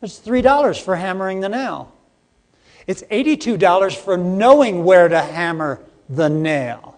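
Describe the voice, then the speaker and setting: A man doing a calm, polite carpenter. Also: high voice, measured pace. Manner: plain-spoken, polite. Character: calm, unhurried male carpenter. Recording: long hall reverb.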